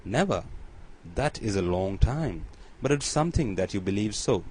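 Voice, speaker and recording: A man voicing a proud, mysterious nobleman in an audiobook, speaking in a measured, authoritative way. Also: on the low side, lively intonation, a little mellow, slight background noise, lightly acted, poor audio. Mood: cool.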